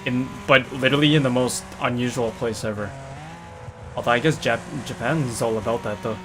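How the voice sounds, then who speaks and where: Rambling man over loud racing game. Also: medium pitch, a little fast, noisy background. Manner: rambling, excitable, says "dude" often. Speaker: gamer. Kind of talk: casual gameplay commentary. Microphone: desktop mic near a noisy computer.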